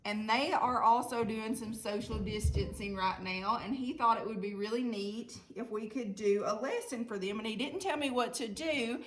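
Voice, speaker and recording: A woman's voice: on the high side, normal speed, few pauses. Southern woman art teacher. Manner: friendly, chatty, step-by-step instructions. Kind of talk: online art lesson.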